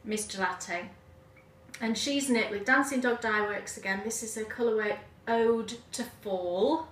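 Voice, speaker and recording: Woman chatting about knitting, highish voice, mic kinda far off in an echoey room. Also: fairly bright tone, slight background noise. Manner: chatty and explanatory, quick laughs. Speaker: podcast co-host. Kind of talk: casual knitting chat. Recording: roomy audio with the mic some distance away.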